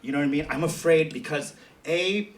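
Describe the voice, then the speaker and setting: A man's voice: a little high, brisk. A man doing a confessional stand-up comedy set on a theater stage. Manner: bawdy, confessional, animated storytelling. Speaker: stand-up comedian and show host. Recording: echoey theater from far off, loud crowd laughter.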